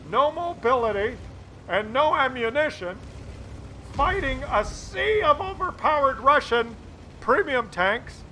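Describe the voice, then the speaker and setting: A man commentating a tank game replay, animated and loud at big moments. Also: extremely high pitch, a little slow, slight background noise. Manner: animated, shouts and laughs at big shots. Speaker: gameplay commentator.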